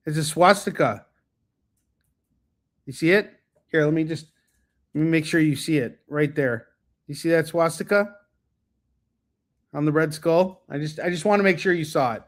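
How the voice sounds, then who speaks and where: Rambling American comic seller hosting a live show. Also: male voice, fairly high pitch, normal speed, pauses often. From United States. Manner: rambling, joking, lots of ums and asides. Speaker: host and comic book seller. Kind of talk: casual live-stream sales chat.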